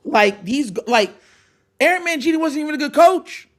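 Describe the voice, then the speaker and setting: A man's voice: very high-pitched, lively intonation, moderate pace, a bit bright. A man co-hosting a sports podcast, ranting in heated, joking, emphatic bursts. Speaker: podcast co-host. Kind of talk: animated sports debate.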